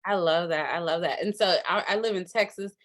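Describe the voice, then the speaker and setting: Presenter, woman from Minnesota, low-ish voice, enthusiastic and chatty, on a video call. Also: a little fast, a bit bright. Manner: enthusiastic, chatty, many fillers and asides. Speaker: workshop presenter. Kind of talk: casual virtual workshop talk.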